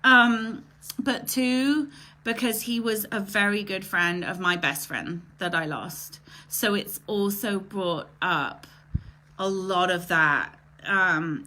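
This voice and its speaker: A woman's voice: lowish voice, slow, bright, forceful tone. A woman in her thirties from Canada hosting a casual live stream, chatty and emotional, greeting viewers by name and often close to tears. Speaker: live show host.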